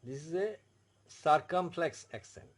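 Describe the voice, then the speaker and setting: A man gives a language lesson in a fairly high voice. He talks very slowly and patiently, and he keeps repeating the key point so that it sinks in. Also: animated. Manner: slow, repetitive explaining, stressing each point. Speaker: French tutor.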